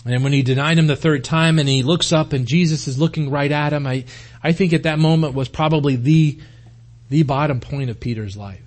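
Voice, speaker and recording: A man's voice: a little high, fairly quick. A man preaching a sermon in an earnest way, often repeating words as he starts a phrase. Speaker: pastor.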